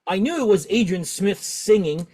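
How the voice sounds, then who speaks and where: A middle-aged man hosting a casual talk show, talkative and animated, laughing often. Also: high-pitched, moderate pace. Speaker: podcast host. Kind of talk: casual chat.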